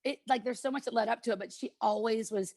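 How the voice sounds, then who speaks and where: A woman chatting casually on a podcast, telling lively stories about being a contestant on a cooking show and acting out the quotes. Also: on the high side, fast, no room sound, clean studio sound. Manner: animated, chatty storyteller who acts out quotes.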